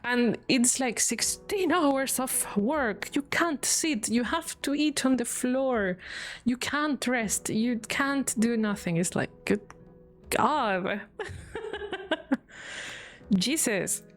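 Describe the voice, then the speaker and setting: Spanish accent woman streamer, kinda high voice, talks slow n giggly, swears a lot, lil music behind. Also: animated. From Spain. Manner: giggly, swears freely, playful. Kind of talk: casual stream chat.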